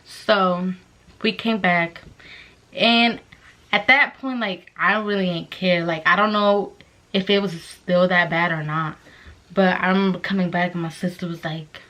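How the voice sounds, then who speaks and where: A woman's voice: on the low side, fairly even intonation, unhurried, pushed and bright. A young woman telling a storytime vlog at home late at night, in a profane, exclamatory way. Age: young adult. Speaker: vlogger.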